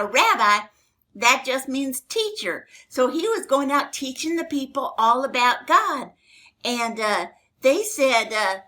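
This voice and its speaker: An older woman hosting a children's Bible story show, telling it in a chatty, rambling, homespun way with plenty of fillers. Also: high-pitched. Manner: chatty, rambling, homespun, warm toward kids. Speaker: storytelling host.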